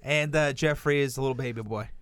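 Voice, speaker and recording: A man's voice: medium pitch, fast talker, fairly bright tone, clear, resonant tone, no room sound. A man co-hosting a casual podcast who jokes crudely about his family. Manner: crude, joking, laughs often. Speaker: podcast co-host. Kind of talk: casual chat.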